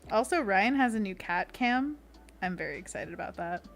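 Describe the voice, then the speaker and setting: A young woman streaming as an art host, chatting casually with viewers while she paints, giggly and quick to slip into playful bits. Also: mid-range voice, expressive, fairly bright tone, faint music behind.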